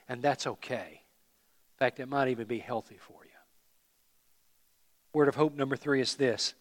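A man preaching a sermon as pastor, earnest, rising to emphatic peaks and falling to hushed phrase endings. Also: a little high, normal speed. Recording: hall reverb.

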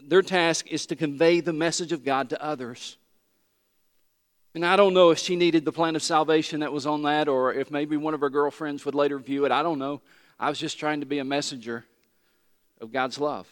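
A man preaching to his congregation, his voice sitting a little high for a man. He tells a personal story in an earnest, unhurried way and pushes to emphatic peaks. A long reverb trails his words through a large church sanctuary. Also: fairly even intonation. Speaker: pastor.

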